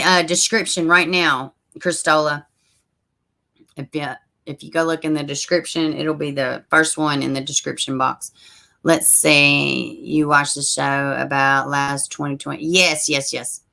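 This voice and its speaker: A woman hosting a casual livestream, chatting straight to her viewers and reading their comments aloud, with soft asides under her breath. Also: low-pitched, vocal fry. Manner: frequent soft asides while fiddling with links. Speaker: livestream host.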